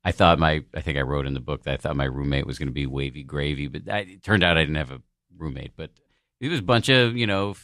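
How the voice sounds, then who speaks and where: A man with a rumbling low yet fairly bright voice speaks fast as a podcast guest, telling a personal story. He's frank, self-deprecating, and drops the occasional swear word, in a studio-quality recording without echo.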